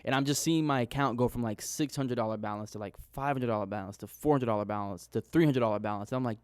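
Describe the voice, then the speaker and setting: A man's voice: medium pitch, fast talker, hardly any pauses, darkish tone, clear, resonant tone, no echo, clean studio sound. A young man in a casual screen-share vlog, recapping his trades in a candid, rambling way and swearing casually. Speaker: forex trader vlogger.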